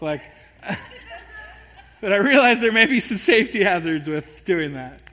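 A man preaching a sermon in an animated, self-deprecating storytelling manner. His voice sits high and sounds bright. The sound carries a long reverb, as in a large church sanctuary. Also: normal speed. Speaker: pastor.

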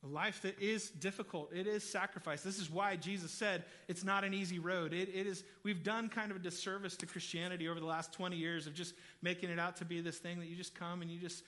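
A male pastor delivers a sermon in a high, ringing voice. He tells stories in a lively, conversational way and keeps turning to the congregation with direct questions. His tone stays bright and forceful throughout. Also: quick pace, few pauses. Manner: animated, chatty, addresses the congregation directly. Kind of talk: sermon with personal storytelling.

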